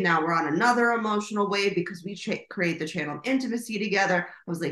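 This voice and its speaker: A woman's voice: medium pitch, fast, hardly any pauses, sharp tone. A middle-aged woman co-hosting a podcast, telling a rambling, casual story with lots of fillers and swearing. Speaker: podcast co-host. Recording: roomy echo.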